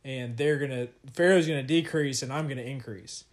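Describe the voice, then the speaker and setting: A man's voice: medium pitch, brisk. A man casually discussing and reading scripture with a co-host, talking loosely with fillers and light laughs. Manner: conversational, with fillers and laughter, reads scripture aloud. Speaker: podcast co-host teaching scripture. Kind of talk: casual Bible study discussion.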